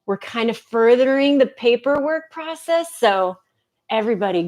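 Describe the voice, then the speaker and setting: A woman's voice: on the high side, lively intonation, normal speed, a little mellow. A woman instructor chatting casually with viewers before a live movement class, laughing often and greeting people by name. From United States.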